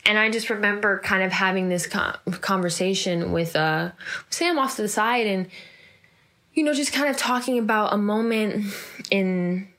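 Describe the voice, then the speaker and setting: A woman's voice: mid-range voice, normal speed, fairly bright tone. A young woman actor in an interview, talking candidly and reflectively with many fillers and restarts.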